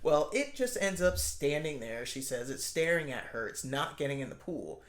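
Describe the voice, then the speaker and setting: A man's voice: fairly high pitch, sing-song, normal speed, a bit bright. A man hosting a podcast, recapping a movie in a casual chatty way, full of filler words. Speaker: podcast host. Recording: roomy echo.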